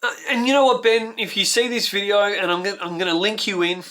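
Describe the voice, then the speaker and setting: A man's voice: sits high, steady tone, quick pace, bright, forceful tone. An Australian man hosting his own channel, giving heartfelt, rambling reaction commentary that circles back on itself, and getting emotional as he talks. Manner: heartfelt, ranting, repeats himself. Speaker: YouTube host.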